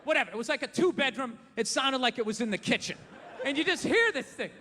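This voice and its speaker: A man's voice: extremely high pitch, lively intonation, quick pace, sharp tone. A man doing a profane, ranting stand-up comedy routine on stage, acting out the voices in his story. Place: comedy stage before an audience. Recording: live venue with long reverb, faint noise.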